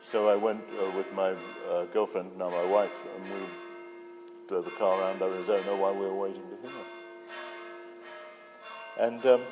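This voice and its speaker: An older British man, an actor, telling stories in an interview in a relaxed way, with fillers and restarts. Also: sits low, moderate pace, long pauses. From Britain. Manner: relaxed storytelling with hesitant fillers. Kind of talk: interview anecdote. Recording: hall reverb with faint music.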